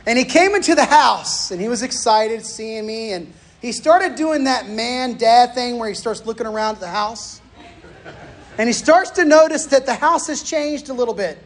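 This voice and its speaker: A man preaches with a fairly high voice. He moves between folksy personal anecdotes and teaching points, animated and storytelling. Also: normal speed. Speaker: pastor. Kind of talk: sermon with personal stories.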